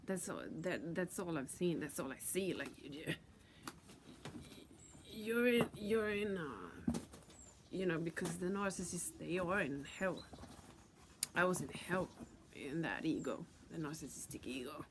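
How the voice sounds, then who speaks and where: A woman's voice: on the low side, animated, unhurried, pauses often, background noise. Intense, whispery woman telling her story. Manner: intense and profane, slipping into whispers; many restarts and repeated words. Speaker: vlogger. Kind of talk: personal spiritual storytelling.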